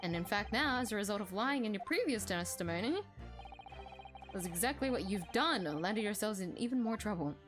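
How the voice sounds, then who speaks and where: A woman's voice: mid-range voice, lively intonation, brisk, over music, natural voice. Woman reading an earnest young defense lawyer.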